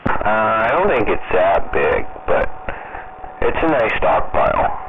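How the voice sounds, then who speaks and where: Blunt, profane man, deep voice. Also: sing-song, slow. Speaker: ham radio operator. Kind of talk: casual radio chat. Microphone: radio transceiver mic. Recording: muffled ham radio transmission with static.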